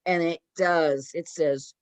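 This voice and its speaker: A woman co-hosting a podcast, retelling a story in a casual, animated way with lots of "like". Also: deep voice, slow, no room sound. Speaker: podcast co-host.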